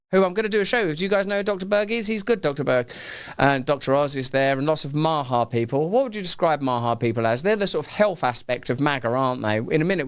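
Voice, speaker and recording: A man's voice: on the high side, clear, resonant tone. A middle-aged English man hosting a live talk show, riffing playfully and rambling with his studio crew. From England. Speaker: host. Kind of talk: casual live show chat.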